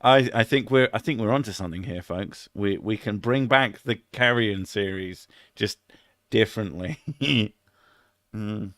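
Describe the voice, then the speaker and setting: A man's voice: fairly low pitch, a little slow, fairly bright tone, dry recording, clean studio sound. A middle-aged British man chatting casually on a live stream, rambling, swearing a lot and laughing at his own jokes.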